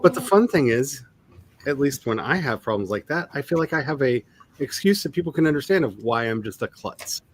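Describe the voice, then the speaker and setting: A man's voice: mid-range voice, expressive, fairly quick, a little hiss or hum. A man who is an author hosting a casual writing live stream, rambling with chuckles and reading chat comments aloud.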